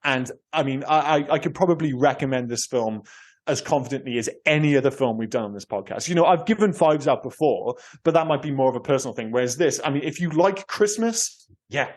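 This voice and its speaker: A man's voice: medium pitch, expressive, brisk, a little mellow. A man from Cardiff with a Welsh accent, co-hosting a podcast in casual, rambling chat full of restarts and swearing. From Cardiff, Wales. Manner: rambling, self-interrupting, sweary. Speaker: podcast co-host.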